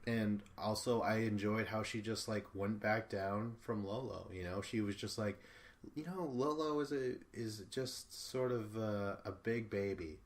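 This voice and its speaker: A man's voice: on the low side, slight background noise. A man hosting a podcast, giving a casual solo recap in a rambling, profane way, full of fillers and restarts. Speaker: podcast host.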